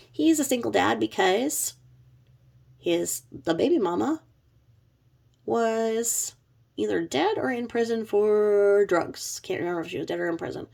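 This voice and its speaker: A woman's voice: mid-range voice, gravelly, darkish tone. A middle-aged woman telling a true crime story in a chatty, sarcastic vlog style with blunt asides. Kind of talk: casual vlog narration.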